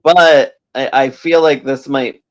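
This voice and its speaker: A man's voice: mid-range voice, fairly even intonation, slow, no room sound. A man co-hosting a podcast, chatting casually about soap episodes, asking questions and acting out the characters. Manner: chatty, asks questions, acts out characters in quotes. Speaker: podcast co-host. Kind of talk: casual chat recapping a soap opera. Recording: dull lo-fi sound.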